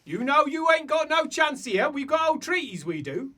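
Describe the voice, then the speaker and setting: A man's voice: extremely high pitch, big pitch swings, normal speed, sharp tone, pitched above the performer's own voice, full character voice. A man voicing a sly, threatening male dwarf leader who speaks in a coarse manner. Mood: taunting. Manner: taunting, coarse, drawling threats.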